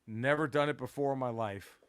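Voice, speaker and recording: A man co-hosting a podcast, telling a long story in a casual, profane, rambling way and going hushed at the tense parts. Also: medium pitch, fairly quick, a little hiss or hum. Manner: profane, rambling, animated retelling with restarts. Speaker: podcast co-host.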